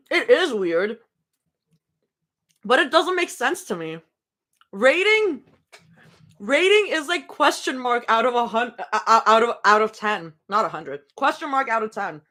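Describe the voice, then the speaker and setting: A woman's voice: a little high, sing-song, unhurried, long pauses, bright, forceful tone. A young woman streaming from home, chatting casually and rambling between snacks during a live reading. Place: home room.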